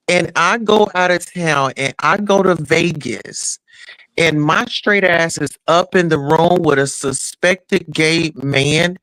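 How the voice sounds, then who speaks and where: A man, ranting loudly and bluntly on a casual chat panel and swearing freely. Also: a little high, dry recording, low-quality recording. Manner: loud, blunt and profane, ranting quickly with repeated words. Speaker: panel regular.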